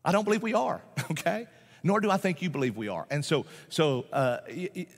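Folksy preacher in a reverberant hall. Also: male voice, fairly high pitch, big pitch swings, a little fast, vocal fry, breathy edge. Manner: folksy, emphatic, repeats phrases, laughs often. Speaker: pastor. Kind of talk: sermon. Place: large church auditorium.

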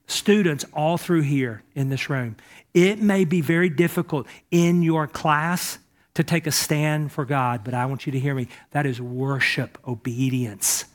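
A male pastor preaching a sermon to a church, impassioned, moving between loud urging and hushed speech. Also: fairly high pitch.

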